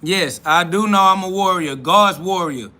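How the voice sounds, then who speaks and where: A man's voice: high voice, moderate pace, bright, forceful tone. A man hosting a live stream, boasting and trash-talking in a preachy, repetitive way, answering viewers' comments.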